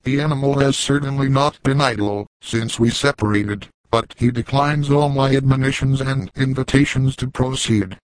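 A man's voice: medium pitch, fairly even intonation, moderate pace, few pauses, no echo, close to an everyday voice, poor audio. A man reading the part of a fussy, learned naturalist who talks in long, formal phrases, in a dry recording. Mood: mournful.

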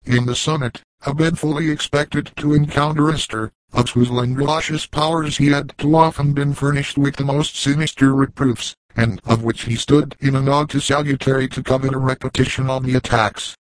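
A man narrating an audiobook in a steady, measured reading, in a dry, close sound. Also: medium pitch, dry recording, low-quality recording.

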